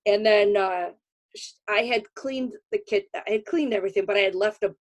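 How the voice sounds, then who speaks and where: A woman's voice: medium pitch, moderate pace. Laughing woman host telling stories. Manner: lively storyteller, laughs often. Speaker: podcast host and comedian. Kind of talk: casual chat.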